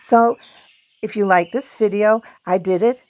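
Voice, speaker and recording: A woman hosting a casual vlog, chatting warmly about pictures and reading from a book, laughing now and then. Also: mid-range voice, steady tone, unhurried. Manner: chatty, laughs often, hums song snippets. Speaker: video host; performer.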